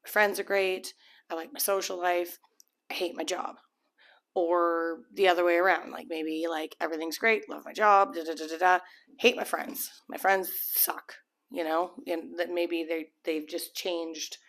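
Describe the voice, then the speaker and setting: Chatty woman, slightly low voice. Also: steady tone, moderate pace, a bit bright. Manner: rambling, chatty, many restarts and fillers; acts out imagined people's thoughts. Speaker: tarot reader. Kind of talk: casual tarot reading to camera.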